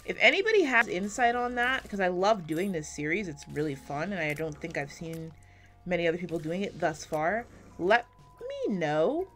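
A woman giving casual, rambling commentary while playing a video game, self-deprecating and swearing often, swinging between quiet and loud, on a close desk mic. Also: lowish voice, very animated, normal speed, soft background music. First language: English. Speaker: gaming YouTuber.

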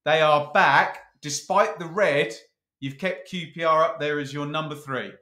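A man hosting a casual chat, teasing his co-host in a playful, brisk way. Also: fairly high pitch, pushed and bright, roomy sound. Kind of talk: casual chat ranking football kits.

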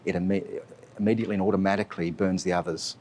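Fast-talking deep-voiced man. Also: steady tone, darkish tone. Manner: hesitant, heavy with fillers. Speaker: chief strategy officer. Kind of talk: interview answers.

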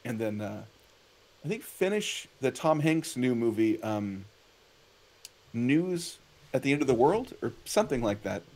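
A man hosting a casual chat, asking questions in an animated way. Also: mid-range voice, a little slow. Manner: animated, questioning, laughs often. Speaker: host.

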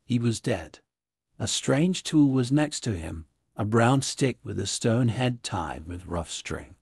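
A man reading a classic story aloud as scripted narration for English learners, in a clear, even way. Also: medium pitch, slow pace, dry recording, clean studio sound.

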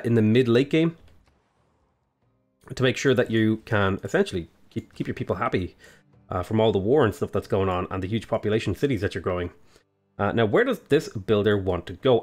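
Laid-back Australian man explaining gameplay. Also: fairly low pitch. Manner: relaxed, explanatory, frequent "uh" and "go ahead". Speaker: gaming YouTuber. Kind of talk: casual strategy game tutorial commentary.

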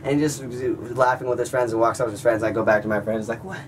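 A young man vlogging, telling a story to his viewers in an animated way and calling them guys. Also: medium pitch, fast talker, recorded from a distance, a little hiss or hum. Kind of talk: storytelling vlog.

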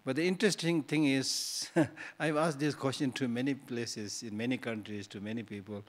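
A man's voice: medium pitch, steady tone, fairly quick. A male Buddhist teacher giving a dharma talk in a hall, conversational and teasing, full of rhetorical questions.

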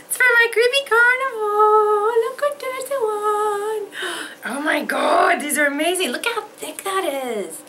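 Opening fan mail at home in her craft studio, a young woman vlogger gasps, gushes and laughs often over every gift in casual chat. Her very high, expressive voice is a little slow, bright and forceful, on a rough recording with a little hiss or hum.

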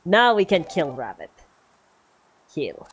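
A woman's voice: deep voice, sing-song, slow pace, full character voice. A woman voicing a blunt, dramatic Russian-accented persona in broken clipped phrasing, playing it up for joking game commentary. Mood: mock menace. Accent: put-on Russian. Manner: clipped broken grammar, mock menace.

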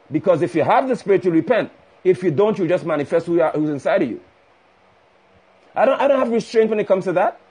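Over a phone livestream, a man with a high, somewhat mellow and slightly rough voice preaches with fire. He rebukes his listeners and pounds his points home through emphatic repetition.

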